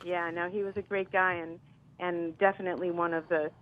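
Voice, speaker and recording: A woman from Milwaukee, a singer guesting on a radio interview, telling stories in a lively, chatty way. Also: lowish voice, a little fast, phone-quality sound. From Milwaukee, US Midwest.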